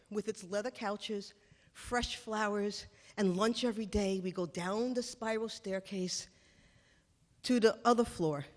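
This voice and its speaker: A woman telling a funny personal story live on stage, animated and sarcastic as she acts out the scenes. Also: medium pitch, long reverb tail. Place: small stage venue.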